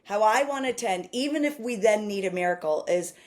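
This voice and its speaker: A woman's voice: medium pitch, expressive, a little fast. A woman who works as a coach, talking in a casual conversation with enthusiastic, rambling run-on sentences.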